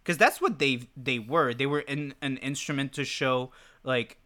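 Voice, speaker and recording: A man's voice: medium pitch, measured pace, pushed and bright. A man co-hosting a podcast, talking casually and animatedly, full of fillers and swearing. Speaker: podcast co-host. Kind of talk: casual chat. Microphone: podcast mic.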